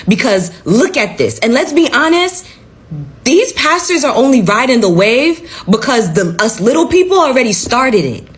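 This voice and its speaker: Husky woman ranting bluntly in a vlog. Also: medium pitch, expressive, normal speed. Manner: blunt, profane, emphatic, repeats points. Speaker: social media commentator. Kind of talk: casual vlog rant.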